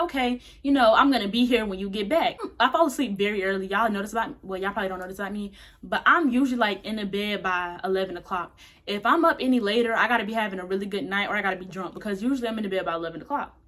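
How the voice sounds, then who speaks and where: A woman's voice: mid-range voice, fairly bright tone. A young woman casually telling a candid, slangy storytime to her camera. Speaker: vlogger.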